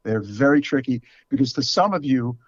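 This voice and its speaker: Chatty New Yorker with a dry, dull sound. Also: male voice, medium pitch, expressive, normal speed, dry recording. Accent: New York. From New York. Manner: chatty, frank, with many fillers. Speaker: podcast co-host. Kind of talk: casual chat.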